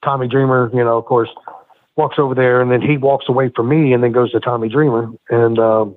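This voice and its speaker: A middle-aged former wrestler, a guest on a podcast, telling profane, animated stories full of quoted dialogue. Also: male voice, medium pitch, a little fast, slight background noise. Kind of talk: casual storytelling in a podcast interview. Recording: phone-like line, dry.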